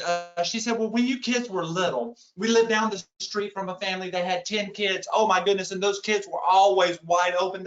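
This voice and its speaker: A man's voice: high-pitched, fairly bright tone. A man giving a keynote talk, telling a funny story and acting out the dialogue. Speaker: keynote speaker. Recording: echoey room, dull lo-fi sound.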